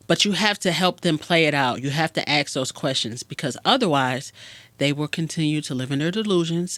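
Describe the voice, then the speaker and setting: Lively, frank podcast therapist. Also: mid-range voice, no room sound. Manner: frank, animated, acts out dialogues. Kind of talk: casual advice monologue.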